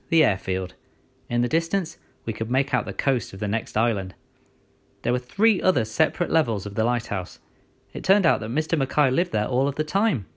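A man reads a storybook aloud in the first person. His voice sits at a middling pitch, and he tells the tale at an even storytelling pace. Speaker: narrator. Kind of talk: storybook narration.

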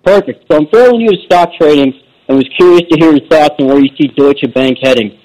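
A man's voice: fairly high pitch, brisk, darkish tone, low-quality recording. A man calling in to a finance show, friendly and eager, new to trading. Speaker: caller. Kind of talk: phone-in question.

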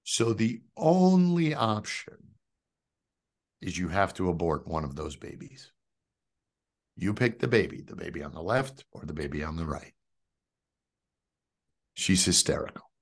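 A man, telling a personal faith story as a guest, jumping from loud outbursts to hushed asides. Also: sits low, big pitch swings, unhurried, long pauses. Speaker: guest giving a faith testimony. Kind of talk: animated storytelling.

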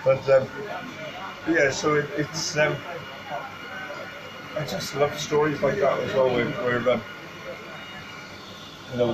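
A man's voice: medium pitch, noisy background. A man, a chef guest on a podcast, telling stories casually with many fillers and restarts. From Wales.

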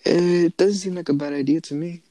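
A man's voice: fairly high pitch, fairly even intonation, fairly quick, mellow, no echo, rough recording. Goofy young man chatting. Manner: goofy, offbeat remarks. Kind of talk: casual chat.

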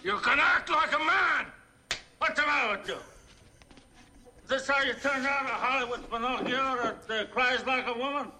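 An actor playing an aging, stern male mob boss who scolds in a gruff, commanding way in a film scene. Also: very high-pitched, moderate pace, sharp tone, slight background noise, exaggerated voice, rough recording. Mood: scolding. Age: older.

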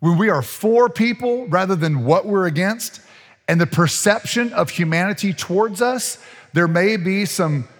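A man's voice: high voice, moderate pace, long reverb tail. A man preaching as pastor, in a casual, folksy way full of restarts, chuckles and asides to the congregation. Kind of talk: sermon. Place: church sanctuary.

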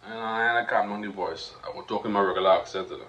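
A fast-talking Trinidadian man with a fairly low, steady, sharp voice gives a motivational monologue on his own podcast. He's preachy, repeats himself, and keeps asking "you understand?", all captured in dull lo-fi audio with faint noise.

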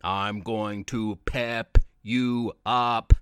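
A man puts on a hulking soda monster from a children's storybook, the voice sunk deep and dark with an odd, hollow timbre. It bellows its words slowly and menacingly, each syllable stretched out. The sound stays close and dry. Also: steady tone, clean tone, no room sound.

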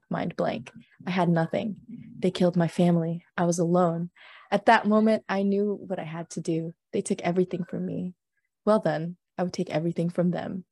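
A woman's voice: lowish voice, warm tone, no echo, clean studio sound. A young woman hosting a casual livestream, chatting and reading scary stories aloud with frequent giggles. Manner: giggly, chatty, reads with laughs. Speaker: stream host.

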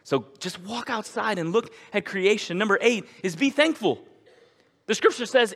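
A man's voice: high voice, animated, moderate pace, a bit bright. A male pastor preaching a sermon in a conversational storytelling manner, with emphatic repetition. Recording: echoey church hall.

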